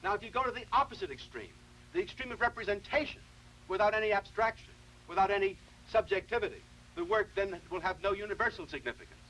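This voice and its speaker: A man giving a televised philosophy lecture, explaining in a measured, deliberate way and often restarting his sentences. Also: high voice, pushed and bright, slight background noise, low-quality recording.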